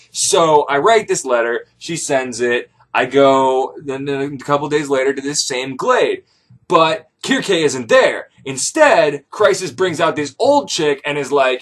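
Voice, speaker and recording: A male comic storyteller retelling an old tale in the first person. He is loose and profane and goes off on rambling jokes. His pitch sits slightly high and swings widely. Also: big pitch swings, normal speed, a bit bright. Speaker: comedic storyteller.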